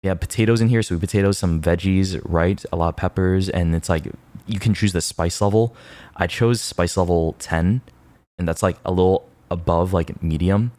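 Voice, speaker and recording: A man's voice: low-pitched, fairly even intonation, moderate pace, a little mellow, no echo. A young man streaming, chatting casually to his viewers in a rambling, self-mocking way with lots of fillers and laughs.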